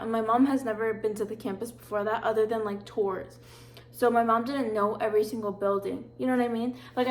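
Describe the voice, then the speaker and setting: A woman's voice: mid-range voice, a little hiss or hum. A woman in her twenties vlogging, telling personal stories in a chatty, dramatic way full of fillers. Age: 20s. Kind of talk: casual storytelling.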